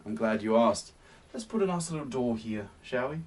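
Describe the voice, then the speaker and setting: A man hosting a painting demonstration, gentle and encouraging, often sinking to a soft near-whisper. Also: medium pitch, expressive, moderate pace. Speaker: painting tutorial host. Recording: slightly distant mic with faint hiss.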